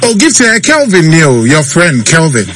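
A man with a Ghanaian accent hosting a call-in birthday show on radio, talking lively and mixing Twi and English. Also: fairly high pitch, moderate pace. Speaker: radio host. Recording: noisy radio broadcast.

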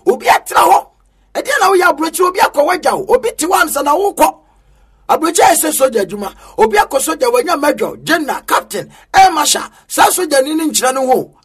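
A man with a Ghanaian accent preaching a sermon in an emphatic, half-sung style that rises to shouts. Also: very high voice.

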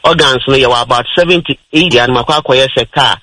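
Bright Ghanaian man explaining health on radio. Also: medium pitch, brisk, no echo, poor audio. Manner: explains step by step, mixing in English terms. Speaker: health talk radio presenter. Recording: radio broadcast.

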